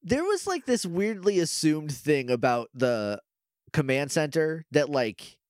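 A man co-hosting a podcast, chatting casually about a show, laughing often and mimicking characters in quick asides. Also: a little high, very animated, no room sound, clean studio sound. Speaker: podcast co-host. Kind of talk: casual chat recapping a show.

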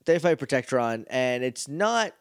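A man's voice: medium pitch, big pitch swings, measured pace, clear, resonant tone, no room sound, studio quality. A man co-hosting a podcast, chatting casually as he recaps an episode and slips into playful quotes. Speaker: podcast co-host.

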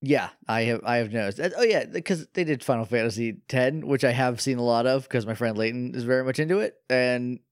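Guy cohost on a podcast, excitable and blunt, laughs a lot, dry sound, mid voice. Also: mid-range voice, fairly quick, hardly any pauses, no room sound. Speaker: podcast co-host. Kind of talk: casual chat.

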